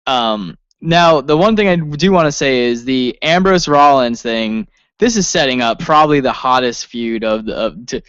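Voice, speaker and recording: A man co-hosting a casual wrestling review, excitable, swearing often and laughing as he talks. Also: medium pitch, moderate pace, smooth, no room sound, muffled recording. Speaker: podcast co-host.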